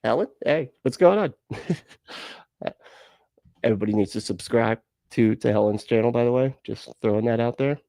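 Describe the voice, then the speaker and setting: Gravelly man chatting on a stream. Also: medium pitch, normal speed, warm tone, dry recording. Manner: rambling, self-mocking, laughs often. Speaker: reaction channel host. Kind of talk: casual live-stream chat.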